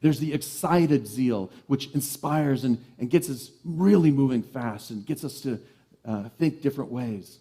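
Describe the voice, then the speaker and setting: Warm, playful male reverend. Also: medium pitch, unhurried, slightly rough. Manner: animated, playful, lively storyteller. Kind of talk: sermon.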